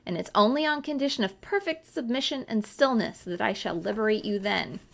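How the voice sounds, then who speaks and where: A woman's voice: a little high, a little fast, creaky, fairly bright tone. A woman reading aloud and voicing a stern, cold older aunt who gives severe commands.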